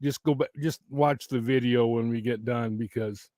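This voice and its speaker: A man's voice: medium pitch, fairly even intonation, normal speed, darkish tone, dry recording. Rambling man talking close to the mic. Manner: rambling, laughs often, many restarts. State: voice wearing thin. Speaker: YouTube channel host. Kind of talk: casual livestream chat.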